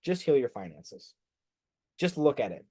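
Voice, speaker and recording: A man's voice: mid-range voice, unhurried. A man leading a group coaching class as a spiritual coach, talking casually, swearing freely and acting out his students' inner voices. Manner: animated, rhetorical "right?" checks.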